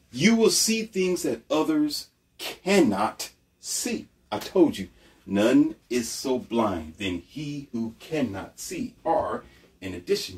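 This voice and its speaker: A man's voice: mid-range voice, far from the mic. A man delivering a blunt, preachy motivational monologue, emphatic and repetitive.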